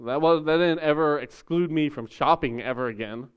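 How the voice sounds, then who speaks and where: A man preaching a sermon in a relaxed, conversational way, acting out voices as he tells stories. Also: on the high side, normal speed, clear, resonant tone, lo-fi sound. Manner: conversational, animated storytelling with acted voices. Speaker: pastor.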